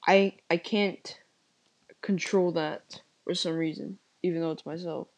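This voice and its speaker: Slow, low-voiced woman in mock despair. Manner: overly dramatic, deadpan despair. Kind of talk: mock-serious comedic confession.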